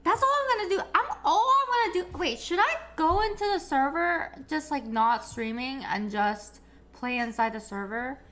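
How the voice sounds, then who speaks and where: A woman hosting a casual chat, excitable and quick to react. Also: high voice. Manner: excitable, animated. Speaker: host.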